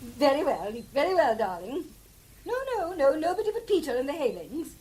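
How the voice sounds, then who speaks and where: High fluttery posh lady of the house, all exclamations, old radio play. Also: sing-song, normal speed, mellow. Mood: flustered. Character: flustered aristocratic English lady of the house. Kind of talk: 1950s radio play acting.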